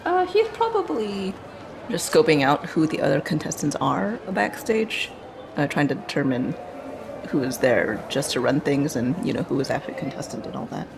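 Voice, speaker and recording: A woman playing a tabletop game, delivering her lines in a deliberate, dry-witted manner. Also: sits low, big pitch swings, creaky, noisy background. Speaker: player.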